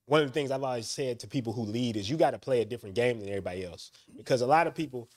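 A man's voice: mid-range voice, rapid-fire. A man hosting a casual podcast chat, eager and steering the topics. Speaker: podcast host.

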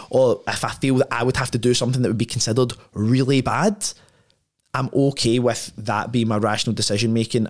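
A man speaking as a podcast guest in casual conversation, blunt and profane, often ending points with tag questions. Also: medium pitch. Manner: frequent tag questions and restarts.

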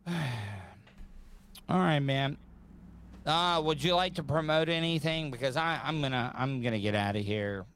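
A podcast host interviewing a guest, speaking hesitantly with many fillers. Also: male voice, fairly high pitch, moderate pace, a bit bright, a little hiss or hum.

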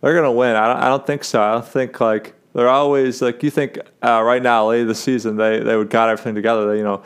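A man's voice: mid-range voice, flat delivery, fast talker, clear, resonant tone. A young man hosting a casual sports talk show, rambling with lots of fillers and restarts as he gives his takes. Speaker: sports podcast host.

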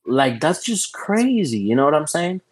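A young adult man, a podcast guest, telling a story in a casual, animated way, full of "you know" and "dude". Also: on the high side, moderate pace, husky, poor audio.

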